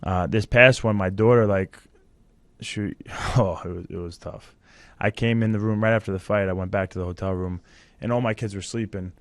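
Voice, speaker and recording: A man's voice: fairly low pitch, fairly even intonation, normal speed, dry recording. A man in his thirties, a fighter guest in a casual interview chat, choked up and emotional. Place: studio.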